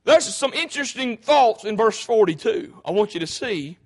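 A man's voice: high-pitched, lively intonation, moderate pace. A man preaching a sermon, fervent and folksy, often breaking in with "hey".

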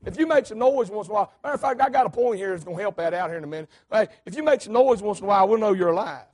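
Male preacher, very high raspy voice, fiery emphatic sermon. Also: lively intonation, very fast, darkish tone. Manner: emphatic preaching, swings between hollering and low asides.

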